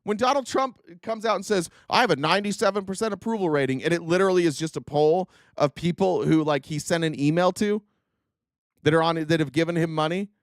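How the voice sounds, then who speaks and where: A man's voice: a little high, a little fast, no echo, studio quality. Profane, exasperated male commentary host. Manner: reads quotes aloud then mocks them. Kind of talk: livestream political commentary.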